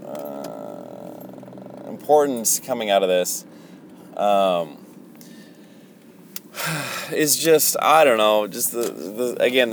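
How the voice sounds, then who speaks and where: A man's voice: low-pitched, noisy background. A man hosting a Christian podcast, speaking in a rambling, hesitant, casual monologue full of fillers and restarts.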